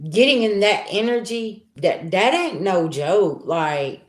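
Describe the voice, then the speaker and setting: A woman's voice: medium pitch, expressive, slow pace. A woman giving a live spiritual reading as a psychic, talking in a blunt, emphatic, slangy way. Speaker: psychic reader. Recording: roomy echo.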